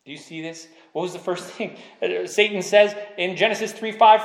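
Guy preaching, fairly high voice, keeps hammering "do you see this", sounds roomy. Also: normal speed, vocal fry, hardly any pauses. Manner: emphatic, repeats rhetorical questions. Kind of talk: sermon.

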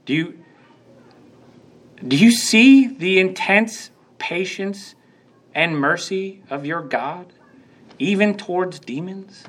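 A man's voice: high voice, expressive, takes it slowly, fairly bright tone. Conversational young male preacher. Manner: conversational, rhetorical questions, voices quoted speakers. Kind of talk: sermon.

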